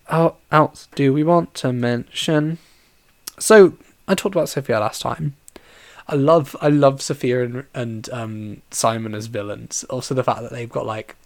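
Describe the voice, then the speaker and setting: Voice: mid-range voice, no echo. A podcast host chatting casually alone about a film, rambling with constant fillers and restarts, and tired and yawning.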